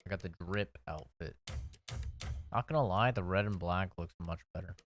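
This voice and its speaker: A man's voice: low-pitched, normal speed, soft background music. Young man casually commentating a game. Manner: casual, profane, reads on-screen text. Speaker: streamer.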